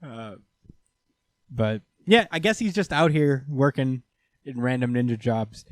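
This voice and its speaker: A man's voice: mid-range voice, lively intonation, moderate pace, no echo, studio quality. A man co-hosting a podcast, loosely retelling an anime episode with lots of fillers. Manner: rambling, filler-heavy retelling. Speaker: podcast co-host. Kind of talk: casual anime recap chat.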